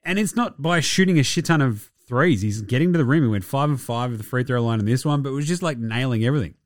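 A man's voice: mid-range voice, quick pace, no room sound, clean studio sound. A young Australian man hosting a casual sports podcast, joking and swearing through his talk. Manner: irreverent, sweary, jokey banter. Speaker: podcast host.

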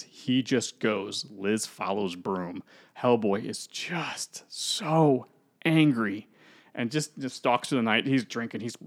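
A man co-hosting a casual podcast, rambling through a film's plot and acting out the characters. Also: medium pitch. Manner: rambling storyteller who acts out characters. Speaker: podcast co-host.

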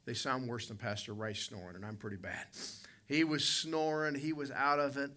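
A man's voice: medium pitch, fairly even intonation, normal speed, pushed and bright. A man preaching an evening sermon as pastor, telling a folksy, vivid personal story to his church congregation. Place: church sanctuary.

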